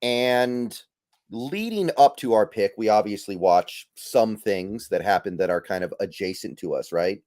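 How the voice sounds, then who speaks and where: Low-voiced easygoing podcast host. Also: male voice, animated, unhurried, a little mellow, no echo, clean studio sound. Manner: easygoing, thinking aloud, trailing fillers. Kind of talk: casual podcast chat.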